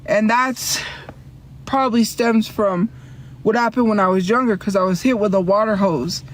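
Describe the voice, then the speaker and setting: This mid-range female voice belongs to a livestreamer sitting in a car, who talks in a rambling, defensive manner and tosses quick laughs back at her chat.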